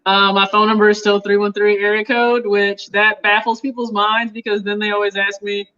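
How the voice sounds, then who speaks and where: A woman's voice: medium pitch, level tone, pushed and bright, lo-fi sound. A woman from Michigan with a somewhat Southern US accent, chatting and laughing easily as a guest on a livestream. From Michigan, Detroit area. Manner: chatty and laughing, quick asides. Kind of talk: casual livestream chat.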